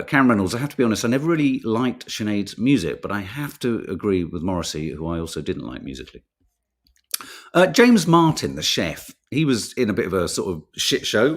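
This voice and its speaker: Rambling, sweary English man with a lively voice. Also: lowish voice, husky. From England. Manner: rambling, sweary, chatty, reads out viewer names. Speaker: podcast co-host reading viewer comments. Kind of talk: casual chat.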